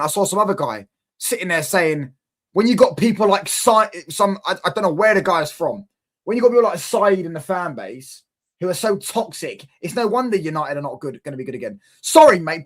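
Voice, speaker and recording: A man's voice: high voice, big pitch swings, fairly quick. A man hosting a football reaction stream, ranting in exasperated casual chat and asking rhetorical questions.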